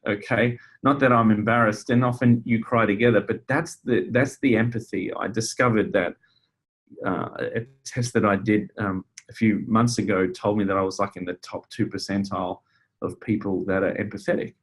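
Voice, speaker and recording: A man's voice: on the low side, fairly even intonation, moderate pace. A man presenting a webinar in a conversational way, a counselor who talks with fillers and restarts. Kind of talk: casual webinar teaching.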